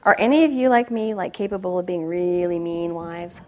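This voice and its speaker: A middle-aged woman preaches to a church audience in a fairly low voice. She speaks with candid, self-mocking humor and keeps turning to the listeners with direct questions as she tells her stories. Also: fairly even intonation, moderate pace, a little hiss or hum. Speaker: speaker at a weekend church conference. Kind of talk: sermon with personal storytelling.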